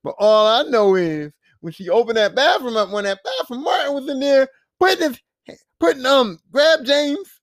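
Man, high-pitched voice, animated profane storyteller, dry close recording. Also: moderate pace, no echo. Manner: animated, profane, laughing storyteller acting out quotes. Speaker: podcast host. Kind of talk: casual recap of a TV series.

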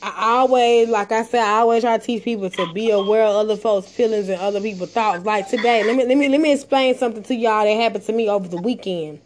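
A woman hosting a live audio show, telling a story casually, profane and animated, acting out the dialogue. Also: a little high, fast, hardly any pauses, slight background noise.

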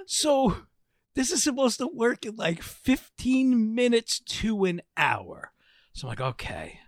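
Animated, laughing man on a podcast. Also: very high-pitched, slow pace, no echo, studio quality. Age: 40s. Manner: animated, laughing storyteller, crude humor. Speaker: podcast co-host. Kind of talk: casual chat.

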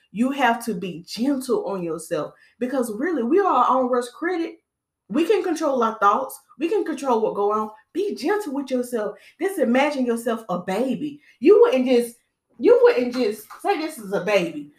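A woman hosting a podcast, giving a casual motivational talk in an animated storytelling way and calling her listeners "y'all". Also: on the high side, roomy sound. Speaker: podcast host.

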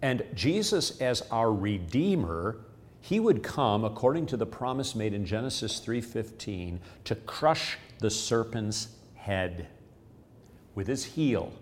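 A man's voice: on the low side, big pitch swings, slow pace. A man hosting a devotional podcast, explaining a Bible passage in an earnest, explanatory way and repeating key phrases. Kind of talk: scripture teaching.

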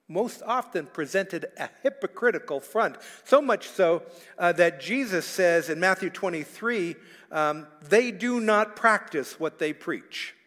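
Male pastor, high-pitched, conversational sermon, many fillers, big echoing church. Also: fairly bright tone. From Canada. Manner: conversational preaching with asides and jokes to the congregation; frequent filler sounds and restarts. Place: church hall.

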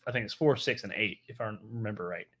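A man's voice: on the low side, fast, a bit bright. A man co-hosting a live travel show in casual chat, rambling with many fillers and restarts. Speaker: co-host of a travel podcast.

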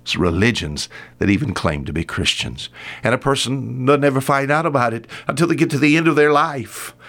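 A man preaching a weekly radio sermon, emphatic, swinging his pitch up high and then dropping low and quiet on key points. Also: lively intonation, brisk, creaky.

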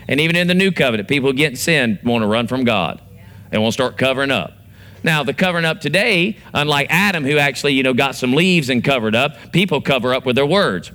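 A man's voice: medium pitch, lively intonation, brisk, fairly bright tone. A man preaching a sermon, acting out prayers and quotes with big swings in his voice. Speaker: pastor.

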